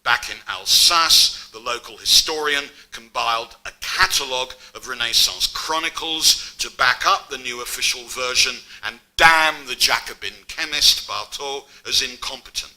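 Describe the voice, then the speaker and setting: A man's voice: mid-range voice, moderate pace, hardly any pauses, pushed and bright, poor audio. A middle-aged man giving an academic public lecture, mixing scholarly narration with wry asides.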